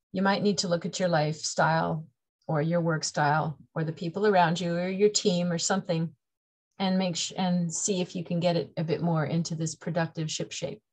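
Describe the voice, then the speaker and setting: A woman's voice: lowish voice, a little mellow. A middle-aged woman from Canada giving a chatty, playful tarot reading to camera, laughing often between her points. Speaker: tarot reader.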